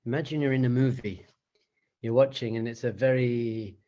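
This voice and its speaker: A man teaching meditation as a rabbi, in an animated, conversational way. He chuckles often and poses rhetorical questions to his listeners in a mid-pitched voice. The recording is slightly dull and lo-fi. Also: moderate pace.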